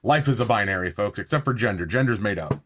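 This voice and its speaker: Low-voiced man joking through a makeup stream. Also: animated, quick pace, fairly bright tone, a little hiss or hum. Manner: joking, self-deprecating, swears casually. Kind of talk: casual live-stream chat while doing makeup. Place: at home.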